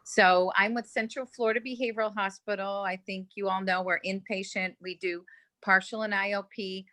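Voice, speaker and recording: Brief: upbeat, bright woman from Boston, phone audio. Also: medium pitch, fairly even intonation, moderate pace. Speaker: hospital staff. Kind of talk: casual chat on a video call.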